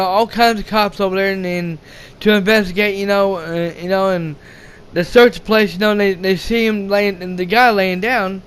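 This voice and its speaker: A man's voice: sits high, a bit bright, clean tone. A man recapping a movie plot in a casual, rambling way, full of restarts and swearing. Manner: repetitive, many restarts and swearing. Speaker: movie reviewer.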